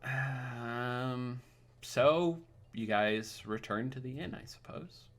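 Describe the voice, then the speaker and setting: A man's voice: mid-range voice, fairly even intonation, takes it slowly, fairly bright tone. A man narrating as game master of a tabletop game, casual and full of hesitant fillers.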